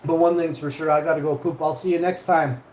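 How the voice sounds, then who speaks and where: A man casually telling stories on a live stream, rambling and swearing, and getting loud when he is excited. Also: fairly high pitch, fast talker. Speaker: vlogger. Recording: echoey room, faint ambient noise.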